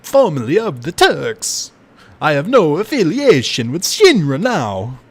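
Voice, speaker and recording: A man voicing a gloomy former agent who talks slowly and dramatically. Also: fairly high pitch, wildly swooping pitch, voice pushed up, full character voice. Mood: somber. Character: brooding male gunman, somber ex-agent, gloomy.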